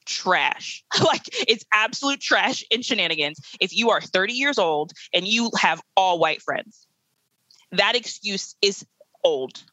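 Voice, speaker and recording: A woman's voice: mid-range voice, lively intonation, measured pace, pushed and bright, dry recording, poor audio. A woman in her late twenties, a guest educator in a podcast interview, speaking bluntly and emphatically with bursts of laughter. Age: 20s.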